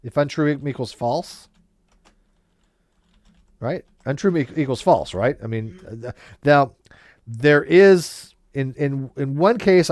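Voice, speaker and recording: Casual man explaining logic, mid pitch, dry close sound, stops and restarts a lot. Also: darkish tone, no room sound. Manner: explains at length with frequent restarts and "right?" checks. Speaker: debate host. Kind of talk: casual discussion.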